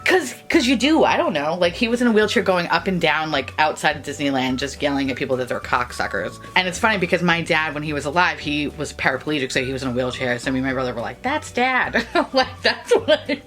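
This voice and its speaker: A woman's voice: sits low, quick pace, hardly any pauses, fairly bright tone, soft background music. A woman, chatting in a rambling, profane way while doing her makeup. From New York. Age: 30s. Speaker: beauty vlogger. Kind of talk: casual get-ready-with-me chat.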